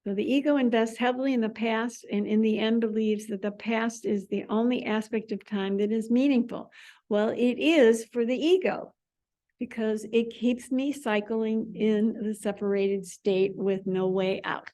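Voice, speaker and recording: A woman leading a spiritual study class, talking in an animated way and repeating words as sound effects. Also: fairly high pitch, moderate pace. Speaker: class leader.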